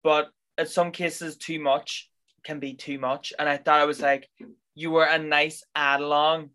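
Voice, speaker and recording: A man co-hosting a casual film review chat, expressive and sassy with playful swearing. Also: on the high side, measured pace, smooth. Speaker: podcast co-host.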